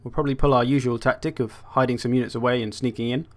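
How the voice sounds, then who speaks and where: Young male host, casual game commentary, wry asides, middle pitch. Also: fairly even intonation, racing. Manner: chatty, wry, thinking aloud. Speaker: gaming channel host.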